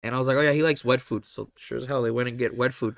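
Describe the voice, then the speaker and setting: A man hosting a podcast, telling a profane, animated story and acting out the voices of the people in it. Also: mid-range voice, rapid-fire, creaky, dry recording, studio quality. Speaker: podcast host. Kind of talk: casual storytelling chat.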